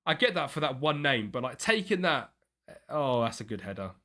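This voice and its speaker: Man, young, live game commentary, chatty, bright, pitch swings a lot. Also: moderate pace. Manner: chatty, mutters and thinks aloud, excited bursts at chances. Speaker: streamer playing a football management game.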